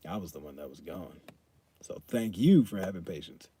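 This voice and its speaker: Husky, mellow-voiced young man streaming. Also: deep voice, animated, normal speed. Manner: loose and joking, reads chat aloud, swears casually. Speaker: fitness streamer. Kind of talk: casual live-stream chat.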